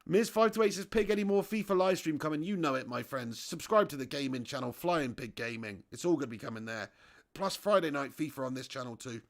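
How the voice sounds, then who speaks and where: A man's voice: mid-range voice, expressive, fairly quick, gravelly. A man hosting a live football watch-along stream, chatting casually, reading out viewer comments and laughing often.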